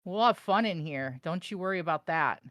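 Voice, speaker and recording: A woman's voice: lowish voice, brisk. A young woman from the Chicago area with a Chicago accent, chatting casually and brashly with her live-stream audience while she trades. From Chicago area, USA. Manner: animated, brash and joking with chat.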